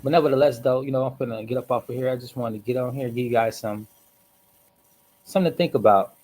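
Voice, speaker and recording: A man hosting a casual livestream, reflective and rambling, hoarse from smoking and clearing his throat often. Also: mid-range voice, fast talker, a little mellow, poor audio. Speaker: host.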